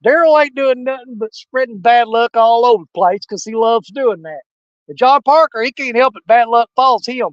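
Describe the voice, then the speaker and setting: A man's voice: extremely high pitch, normal speed, no echo, dull audio. An older man, casually chatting and joking with viewers while hosting a fishing livestream outdoors. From Missouri, United States. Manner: folksy, joking, laughs often. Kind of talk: casual live-stream chat. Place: outdoors on a river.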